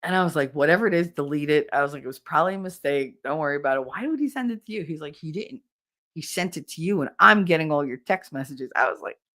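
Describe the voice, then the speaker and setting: Animated woman telling stories on stream. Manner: animated, acts out quotes with big pitch jumps. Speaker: livestream host. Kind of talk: casual storytelling to chat.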